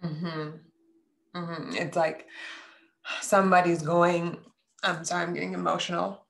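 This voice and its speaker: A woman with a low-pitched voice reads tarot cards for her viewers. She talks earnestly and from the heart, pausing on soft hums and checking in with a frequent "right?". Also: flat delivery, creaky. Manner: soft hums and pauses between thoughts. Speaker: tarot reader. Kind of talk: intuitive tarot reading to viewers.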